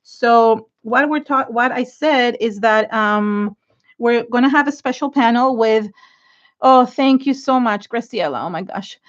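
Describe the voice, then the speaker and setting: A woman's voice: on the high side, unhurried. Chatty effusive woman on a lo-fi livestream. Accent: Israeli. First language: Hebrew. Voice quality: chatty, rambling, many fillers and restarts. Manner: frank and effusive, gushing thanks to viewers. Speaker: art livestream host. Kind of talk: casual livestream chat while inking. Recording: dull lo-fi livestream audio.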